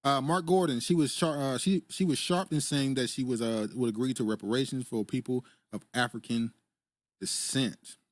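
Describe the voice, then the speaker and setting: A man's voice: medium pitch, steady tone, normal speed, no room sound. Laid-back man reading live chat. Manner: laid-back, laughs often, reads viewer comments aloud. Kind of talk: casual political commentary.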